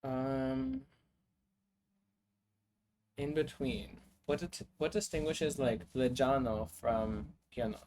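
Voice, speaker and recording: A man's voice: medium pitch, takes it slowly, pauses often, darkish tone, slight background noise. A man streaming his language-building work, thinking aloud hesitantly with many fillers and restarts, sounding words out to himself. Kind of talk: thinking aloud while working.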